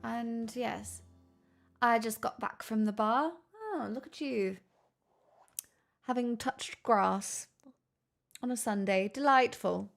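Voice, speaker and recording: Slow, gravelly woman streamer in a put-on transatlantic accent. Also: a little high, soft background music. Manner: chatty, self-mocking, swears casually. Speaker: live streamer greeting chat. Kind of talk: casual live-stream chat.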